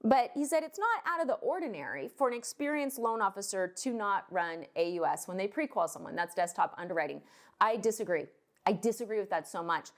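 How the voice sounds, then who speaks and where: A woman's voice: mid-range voice, lively intonation, brisk. Blunt, fired-up woman loan officer ranting. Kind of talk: ranting vlog to camera.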